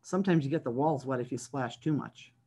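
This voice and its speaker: A woman who is a children's librarian, hosting a story time over a video call and talking warmly to young children. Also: extremely low pitch, a little fast, husky. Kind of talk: read-aloud story time for kids.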